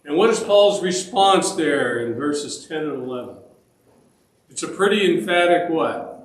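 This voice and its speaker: A man's voice: a little high, moderate pace, fairly bright tone, reverberant, low-quality recording. A man teaching a church Bible study in a conversational way, often checking in with the group by asking "all right?". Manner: conversational, with restarts and fillers. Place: church meeting room.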